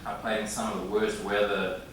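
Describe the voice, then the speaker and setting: A man in his thirties delivers an acceptance speech in a halting way, with frequent pauses and filler sounds. His voice sits low. It comes from across a very echoey banquet hall, with clear room noise behind him. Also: flat delivery, fairly bright tone, distant mic. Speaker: hall of fame inductee. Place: large indoor banquet room.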